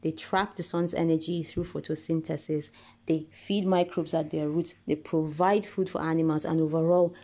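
A woman hosting a podcast, delivering an earnest scripted monologue in deliberate, listing phrases. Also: deep voice, fairly even intonation, mellow. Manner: earnest, deliberate, rhetorical lists. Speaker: podcast host.

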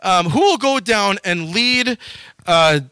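A man voicing God calmly asking a heavenly council who will go. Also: high voice, slow, clear, resonant tone, dry recording, voice pushed up, exaggerated voice. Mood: commanding.

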